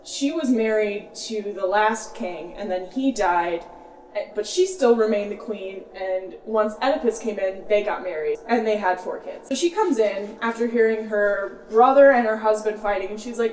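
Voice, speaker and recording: A woman's voice: medium pitch, normal speed, darkish tone, recorded from a distance, slight background noise. A young woman hosting a show, giving a casual, slangy book summary full of "like". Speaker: host. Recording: roomy echo, off-mic, faint music.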